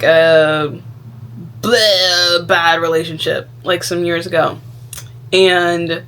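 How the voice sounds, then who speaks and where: Young woman vlogger, casual and outspoken, filler-heavy talk. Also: lowish voice. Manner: frank, animated, heavy use of "like". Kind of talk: casual advice monologue.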